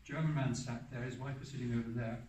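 A man's voice: medium pitch, fairly even intonation, quick pace, darkish tone, a little hiss or hum. Older man telling stories in a roomy hall. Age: 70s. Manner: rambling, often restarts and corrects himself. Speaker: hermit giving a public talk. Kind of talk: anecdotal storytelling talk. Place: hall for a public talk. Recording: roomy sound from a distant mic.

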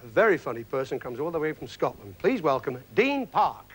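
A man's voice: fairly high pitch, very animated, fairly quick. A man hosting a game show, describing prizes and introducing an act in a polished, upbeat manner. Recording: clear music behind the voice.

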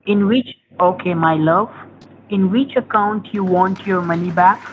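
A woman's voice: mid-range voice, unhurried, highs cut off, slight background noise. A woman scamming over the phone, pushy and repetitive, with broken English. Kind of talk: phone call.

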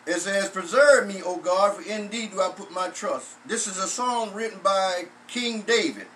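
A man's voice: high-pitched, a bit bright, recorded from a distance, slight background noise, rough recording. A man, a pastor, preaching a sermon, repeating phrases and stretching out words for emphasis. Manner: repetitive emphatic preaching, drawn-out stresses.

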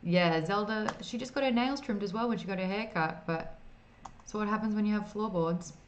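Playing an old computer game on stream, this woman chats casually and reads her chat aloud at a moderate pace in a mid-range voice. The streaming mic sounds a touch dull, with faint noise in the background.

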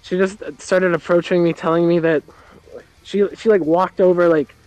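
A man talking as a guest on a livestream, telling stories in a halting, stammering way. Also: sits high, flat delivery, darkish tone, clear, resonant tone, dry recording, faint music behind, low-quality recording. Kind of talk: casual chat, telling anecdotes.

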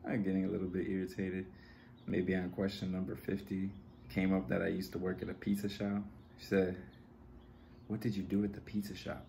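A very low-voiced man delivers stand-up comedy as a deadpan story, acting out both sides of an exchange. Faint noise hums under the recording. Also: brisk, vocal fry.

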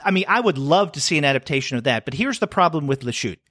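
A man's voice: fairly high pitch, animated, fast talker, a bit bright, dry recording. Rambling middle-aged man, dry mic. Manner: rambling, thinks aloud with fillers and restarts. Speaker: podcast co-host. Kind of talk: casual comics review chat.

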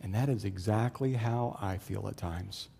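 Pastor swinging from loud to hushed. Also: male voice, normal speed, creaky, slightly rough, in a large hall. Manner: dramatic swings between loud excited storytelling and low hushed emphasis; conversational, with fillers and asides to the congregation. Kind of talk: sermon.

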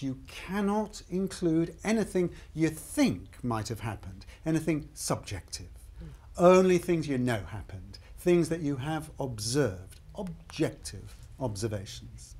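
This is a man playing a chirpy game show host, leaning on each line with upbeat emphasis. His voice sits a little high for a man. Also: animated, measured pace, darkish tone, breathy edge. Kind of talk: scripted game show hosting.

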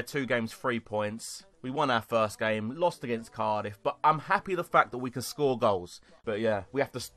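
A young man commentating his own football video game, excitable, shouting at goals and swearing. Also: mid-range voice. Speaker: gaming YouTuber. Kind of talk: gameplay commentary. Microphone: desktop USB microphone.

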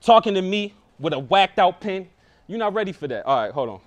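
Young male battle rapper with a high voice; confrontational, punchline-heavy delivery, repeats lines for emphasis. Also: big pitch swings, a little fast, highs cut off. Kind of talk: live battle rap verse.

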